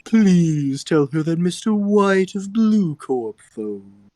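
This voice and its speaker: Brief: creepy, formal male bellboy from a game dub, played by a woman, low, slow and drawn out. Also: very animated, dark tone. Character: eerie, overly formal male hotel bellboy.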